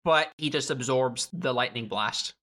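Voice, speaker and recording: A man narrates a comedic tabletop game as dungeon master with a bright, clear voice. He describes the action playfully and lightly. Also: mid-range voice, measured pace.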